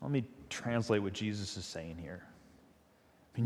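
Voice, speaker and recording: A man's voice: fairly low pitch, moderate pace, darkish tone. A male pastor giving a sermon in a conversational, emphatic storytelling manner. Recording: long reverb of a large hall.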